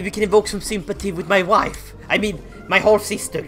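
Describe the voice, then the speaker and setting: A man narrating a strategy game playthrough, excitable and theatrical, laughing and bursting into shouts. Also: high voice, normal speed, hardly any pauses, soft background music. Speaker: gaming YouTuber. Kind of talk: Let's Play commentary.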